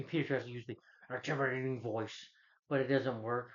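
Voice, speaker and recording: A man's voice: mid-range voice, steady tone, a little fast. Rambling man on a dull lo-fi recording. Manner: rambling, self-correcting, retells scenes with "he's like" quotes. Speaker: film reviewer. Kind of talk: casual spoken film recap.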